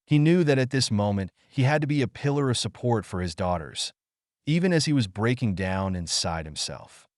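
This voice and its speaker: A man's voice: medium pitch, expressive, moderate pace, no echo, studio quality. A man narrating a dramatic audio story in a melodramatic, scripted manner.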